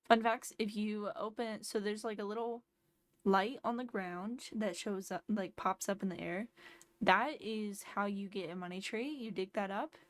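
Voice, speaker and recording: Woman, streamer, sleepy, chatty, thinks aloud, mid pitch, dry close sound. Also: moderate pace, dry recording. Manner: chatty, thinks aloud while playing, explains game tips. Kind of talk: casual gameplay commentary.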